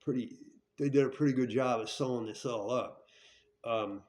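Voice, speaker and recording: A man's voice: medium pitch, normal speed, a little mellow. A man telling a hard story from his own past in a blunt, profane way. He rambles, restarts his sentences and keeps asking "right?". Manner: checks in with tag questions. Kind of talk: candid storytelling.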